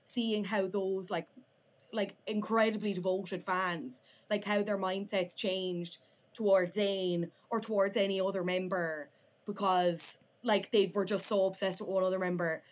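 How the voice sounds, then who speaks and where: A woman's voice: mid-range voice, fairly even intonation, unhurried. A young woman with an Irish accent, chatting as a podcast guest, her talk full of "like" fillers. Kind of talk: casual chat.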